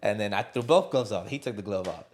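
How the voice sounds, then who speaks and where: A man's voice: on the low side, fast talker, crowd noise. A man and fighter, a podcast guest, telling a casual story in a parked car. He acts out what people said and often repeats his phrases. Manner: animated storyteller acting out quotes, repeats phrases.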